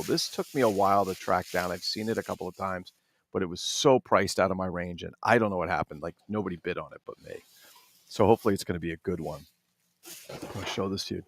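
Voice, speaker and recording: A man from New Jersey chatting casually about his toy collection, animated and swearing freely with jokey asides. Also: low voice, quick pace. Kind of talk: casual unboxing chat.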